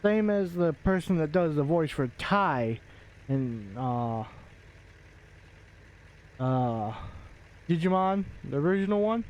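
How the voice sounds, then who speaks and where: A gaming video creator chats casually while playing a game, rambling with many fillers and restarts into a desk microphone. His voice is fairly high and darkish in tone, expressive but slow, with frequent pauses.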